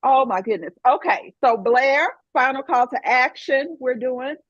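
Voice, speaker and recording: A woman hosting a call in a chatty, excitable way. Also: high voice, unhurried, no echo, lo-fi sound. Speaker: event host.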